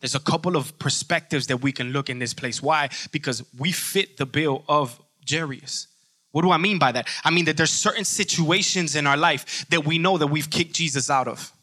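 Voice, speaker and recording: High, forceful male preacher. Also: moderate pace, no echo, studio quality. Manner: emphatic, conversational preaching with rhetorical questions. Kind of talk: sermon.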